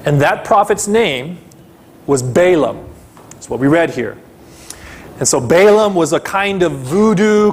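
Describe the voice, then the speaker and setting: A male pastor delivers a sermon in a slightly high voice. He speaks slowly and with emphasis, repeating phrases and climbing into louder bursts on key words. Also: animated, husky.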